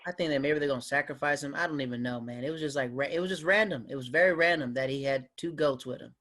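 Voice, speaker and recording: A man's voice: fairly high pitch, fast talker, pushed and bright. A man, a guest comedian, telling stories in a casual podcast chat and acting out other people's voices. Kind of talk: casual storytelling in a podcast interview.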